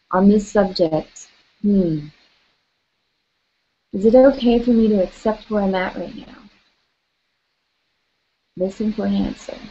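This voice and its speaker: A woman leads guided tapping, announcing each point and gently steering listeners through affirmations. She speaks at a medium pitch, and the audio is dull.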